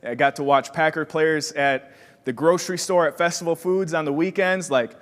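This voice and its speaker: A young man from Wisconsin giving a motivational keynote, telling his story with energy and acting out the voices in it. His voice sits a little higher than most men's. The sound carries a long reverb from a large hall. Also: normal speed. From Wisconsin, USA. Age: young adult. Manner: energetic storyteller who acts out quoted voices. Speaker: keynote speaker.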